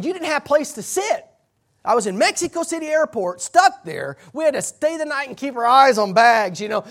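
Male pastor, high gravelly voice, animated storyteller, rambling with restarts. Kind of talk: sermon storytelling.

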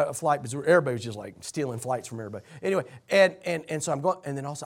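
A man pastor telling a story in a sermon, animated and rambling, shouting for emphasis before a congregation. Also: a little high, fast talker, vocal fry.

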